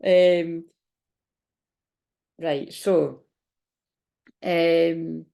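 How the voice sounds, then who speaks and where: A woman's voice: lowish voice, fairly even intonation, very slow, creaky, dark tone. A woman giving a casual channeled tarot reading, rambling and chatty, often laughing between thoughts. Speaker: tarot reader.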